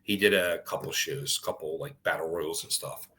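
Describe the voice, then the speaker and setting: A man's voice: very deep voice, fairly quick, poor audio. A middle-aged man telling stories as a guest on a talk show, swearing freely and acting out what others said. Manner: animated, swears freely, acts out quotes. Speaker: guest, former wrestler. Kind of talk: casual storytelling.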